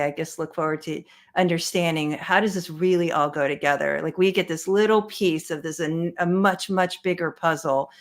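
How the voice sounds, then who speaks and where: Brief: woman therapist guest, lower voice, reflective and thoughtful, casual talk. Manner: warm, reflective, thinks aloud. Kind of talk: casual conversation.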